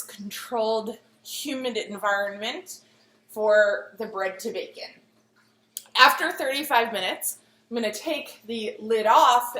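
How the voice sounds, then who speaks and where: A woman's voice: mid-range voice, bright, forceful tone, echoey room, low-quality recording. A woman showing a bread recipe in her home kitchen, chatty and giggly as she talks through each step. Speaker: home baker demonstrating a recipe. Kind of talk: casual cooking demonstration.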